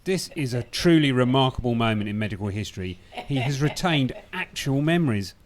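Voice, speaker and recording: A man co-hosting a scripted comedy radio show, deadpan and teasing. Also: mid-range voice, fairly quick, crowd noise.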